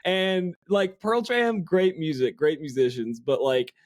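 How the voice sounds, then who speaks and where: A man's voice: on the high side, fairly even intonation, measured pace, dry recording, clean studio sound. A man co-hosting a podcast, chatting casually about an album and sprinkling his talk with fillers and restarts. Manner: chatty, lots of fillers and self-corrections. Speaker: podcast co-host. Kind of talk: casual music review chat.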